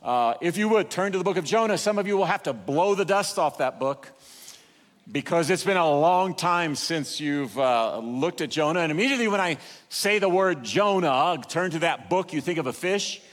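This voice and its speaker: Older pastor preaching with lively pitch. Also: male voice, moderate pace, big-room sound. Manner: storytelling with lively swings in loudness and pace. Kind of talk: sermon. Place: church auditorium.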